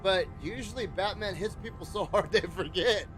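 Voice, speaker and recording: A man's voice: sits high, normal speed, fairly bright tone. A young man streaming a video game, rambling casually in profane commentary full of "like" and "dude". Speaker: gaming streamer. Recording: game music playing behind.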